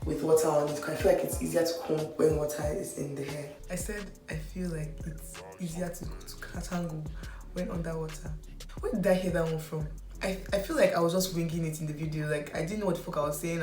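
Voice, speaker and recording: A woman's voice: low voice, fairly even intonation, brisk. A young woman vlogging about her hair, chatting casually and mocking herself, with lots of "like". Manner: chatty, self-mocking, full of "like". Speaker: beauty vlogger. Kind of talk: casual chat to camera and voice-over commentary. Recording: roomy echo, faint music.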